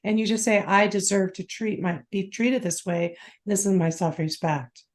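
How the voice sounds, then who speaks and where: A woman's voice: medium pitch, normal speed. A woman guest on a podcast, talking casually and rambling with many restarts. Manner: rambling, restarts and spiritual talk. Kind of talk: casual conversational interview.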